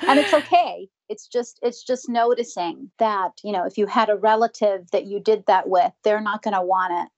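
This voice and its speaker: A woman's voice: mid-range voice, normal speed, hardly any pauses, lo-fi sound. A woman dentist speaking earnestly and reflectively in a conversational interview, sometimes acting out what her patients say. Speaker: dentist guest.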